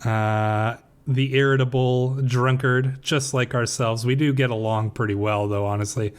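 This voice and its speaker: A man of mid pitch talks through his strategy game at an unhurried pace, thinking out loud about his characters. His delivery is casual and loose, with plenty of fillers, pauses and self-corrections as he goes. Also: clean tone. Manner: relaxed, musing, with frequent fillers and self-corrections. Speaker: game roleplay streamer.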